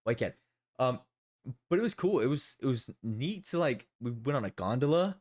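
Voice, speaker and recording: A man's voice: mid-range voice, expressive, brisk, a little mellow. A man streaming live, chatting casually and rambling, often repeating his own phrases.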